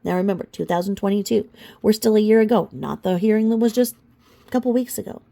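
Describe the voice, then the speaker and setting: Sarcastic gravelly woman reading legal filings. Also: mid-range voice, fast talker. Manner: sarcastic, mocking asides with sudden loud outbursts. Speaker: commentator reading court documents. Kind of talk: casual commentary reading legal filings aloud.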